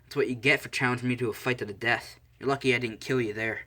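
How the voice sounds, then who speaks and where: A man's voice: mid-range voice, steady tone, fast talker, pushed and bright, lightly acted. A man voicing a cocky, sarcastic young male assassin working as a bodyguard, in an offhand way. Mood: sardonic.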